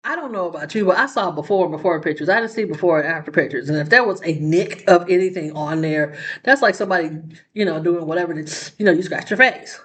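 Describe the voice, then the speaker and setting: Here a woman with a lowish, slightly bright voice talks fast as she narrates her own vlog, as easy and conversational as chatting with a friend. Rhetorical questions keep coming, and "like" and "you know" fill the gaps between her thoughts.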